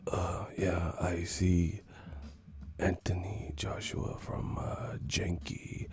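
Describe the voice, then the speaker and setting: A man doing an impression of a soft-spoken retired boxer who whispers slowly and hesitantly, full of ums. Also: low-pitched, little pitch movement, gravelly, pitched below the performer's own voice, exaggerated voice. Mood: whispering.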